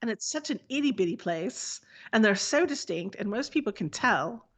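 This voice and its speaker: A woman's voice: mid-range voice, animated, normal speed, fairly bright tone. A woman co-hosting a podcast, chatting casually with a rambling manner. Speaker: podcast co-host. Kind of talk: casual chat.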